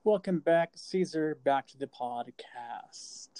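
A man's voice: fairly high pitch, takes it slowly, dark tone, clean tone, no room sound. A man hosting a podcast in casual chat, repeating himself while checking the picks. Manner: chatty, repeats words while checking facts. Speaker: podcast host.

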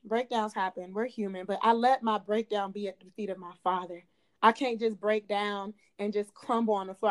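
A young woman in her twenties, a guest on a faith podcast, talks earnestly and repeats phrases for emphasis, like a small sermon. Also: mid-range voice. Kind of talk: faith-based podcast conversation.

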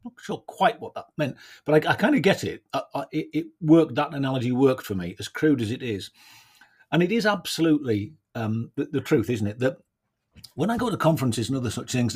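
A man's voice: medium pitch, very animated, a little fast, slightly rough. A man hosting a casual solo podcast, thinking aloud in a reflective way and often adding tag questions. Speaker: podcast host.

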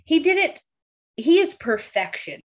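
A woman's voice: sits high, big pitch swings, a little slow. A young adult woman co-hosting a casual recap podcast, emotional and tearful, laughing through her crying. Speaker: podcast co-host. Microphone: studio microphone.

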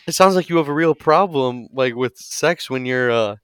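A man's voice: medium pitch, moderate pace, a bit bright, clear, resonant tone, no echo, natural voice. A man voicing a nerdy, earnest male counselor leading a support group, overly polite in manner.

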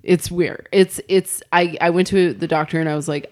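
A woman's voice: on the low side, normal speed. Woman comedian telling a story. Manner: animated storytelling, laughs often. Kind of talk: casual chat. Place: Los Angeles.

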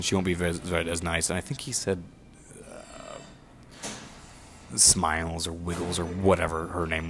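A young man with a lowish voice tells a long, rambling story in casual chat. He swears a lot and acts out the people he quotes, often jumping up in pitch for their lines. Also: slight background noise.

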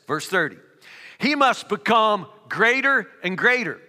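High, bright-voiced preacher in a hall. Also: male voice, big pitch swings, a little slow. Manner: reads scripture then builds to emphatic, rising preaching. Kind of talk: sermon. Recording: reverberant hall.

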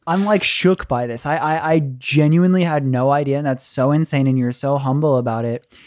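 Excitable podcast host with a mellow voice. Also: male voice, a little high, fairly quick, dry recording, clean studio sound. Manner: excitable, swears a lot. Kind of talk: casual chat.

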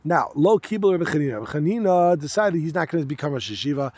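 A man teaches a Talmud class, reading Aramaic phrases in quick bursts and then unpacking them in casual, conversational English full of rhetorical questions. His voice is on the high side, animated, with a darkish tone.

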